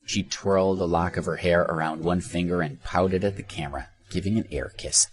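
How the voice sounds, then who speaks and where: A man narrating an audiobook story in an expressive storytelling manner. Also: low-pitched, a little fast.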